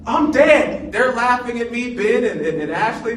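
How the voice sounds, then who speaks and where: A man's voice: very high voice, animated, normal speed, fairly bright tone, slight background noise. A man in his forties, a pastor telling a funny story in a sermon, playful and laughing often. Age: 40s. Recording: echoey room, mic at a distance.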